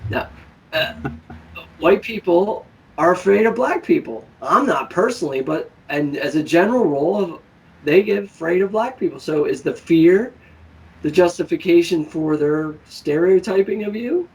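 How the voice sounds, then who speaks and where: Guy hosting a talk show, tells stories with lots of voices, kinda high pitched, sounds a bit away from the mic. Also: normal speed, distant mic, poor audio. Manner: animated storytelling, acts out quoted people. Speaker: show host. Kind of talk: casual political chat.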